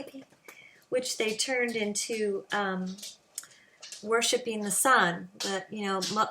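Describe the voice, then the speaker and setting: A woman hosting her own channel, talking in a slow, reflective monologue with many pauses and fillers. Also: medium pitch, sharp tone. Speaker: channel host. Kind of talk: casual spiritual monologue.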